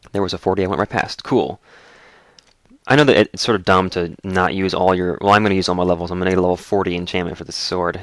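A man with a dry throat giving rambling, relaxed commentary as he plays through a game. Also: low voice, no echo. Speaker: let's play host. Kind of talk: casual gaming commentary.

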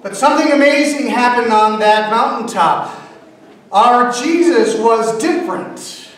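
A man's voice: very high voice, expressive, measured pace, a bit bright. A male pastor giving a sermon, telling stories with self-deprecating humor, recorded from far off in an echoey church.

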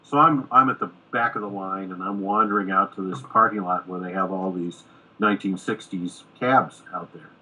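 A man's voice: low-pitched, moderate pace, breathy edge, highs cut off. Middle-aged man telling a film-set story. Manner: animated anecdote-telling, acting out quoted dialogue. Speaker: screenwriter guest. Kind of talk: casual storytelling in a podcast interview.

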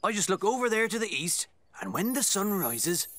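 A man's voice: sits high, very animated, normal speed, fairly bright tone. A man voicing a friendly male rooster with a cold, sounding sniffly and sore-throated. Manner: cheery, homely, calls Henry "lad".

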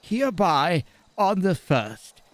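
A man voicing a forgetful old army veteran in a game role-play, halting and repeating his words as he loses his thread. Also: high voice, sing-song, exaggerated voice. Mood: rambling.

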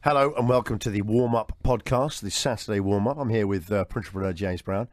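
A man's voice: fairly low pitch, a little fast, few pauses, dry recording. A man hosting a radio sports show from a studio, bantering and telling rambling, jokey anecdotes.

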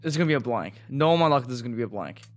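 A man's voice: mid-range voice, lively intonation, racing, loud music behind the voice. A young man giving gameplay commentary, swinging between nervous muttering and frustrated outbursts. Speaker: gaming YouTuber.

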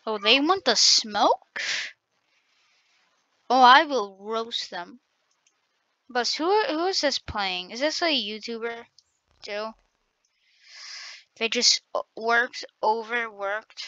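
Excitable high-voiced woman gamer. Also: slow, long pauses, no echo. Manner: excitable, trash-talking. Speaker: gaming channel host. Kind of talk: gameplay commentary. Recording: dull lo-fi recording.

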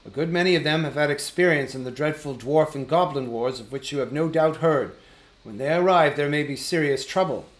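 A man voicing a small, fussy, businesslike male hobbit in an audiobook, prim and a little squeaky. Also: brisk, close to an everyday voice. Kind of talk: audiobook character reading.

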